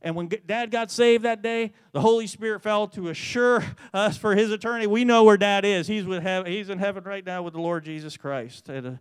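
A man giving an earnest testimony to a church, telling the story in a way that grows animated. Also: high voice, brisk, few pauses, smooth, no echo. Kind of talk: testimony sermon.

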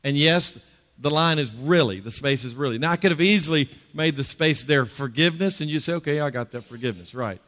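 A man's voice: a little high, a little fast, a bit bright. A middle-aged male pastor preaching a conversational sermon, repeating words for emphasis and drawing out key phrases. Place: large church hall. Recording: long hall reverb.

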